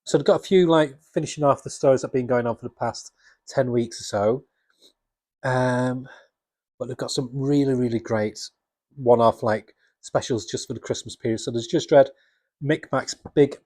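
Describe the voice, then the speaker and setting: A man with a husky voice chatting casually and enthusiastically about comics, rambling with restarts. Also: mid-range voice, moderate pace, a little mellow, no echo. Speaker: comics vlogger. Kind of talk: casual chat.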